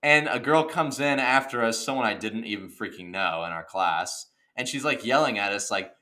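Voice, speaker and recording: A young man co-hosting a podcast, telling a story in a casual, animated rant and saying "dude" and "okay" a lot. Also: lowish voice, normal speed, few pauses. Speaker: podcast co-host. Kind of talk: casual chat.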